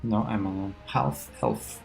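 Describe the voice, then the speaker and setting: A man's voice: sits low, very animated, slow pace, gravelly. A man chatting as a player in a tabletop game, in an upbeat manner. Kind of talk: casual game chat. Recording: faint background music.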